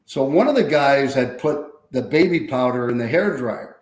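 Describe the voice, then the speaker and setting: A man with an ordinary middle pitch tells a laid-back anecdote as a podcast co-host. His voice rings around a noticeably echoey room. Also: normal speed. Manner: relaxed anecdote telling. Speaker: co-host, former player. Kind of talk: casual podcast chat.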